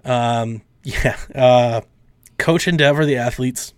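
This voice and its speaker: A man hosting a casual podcast, rambling and acting out his friends' lines in quick voices. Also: mid-range voice, clear, resonant tone, dry recording. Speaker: podcast host.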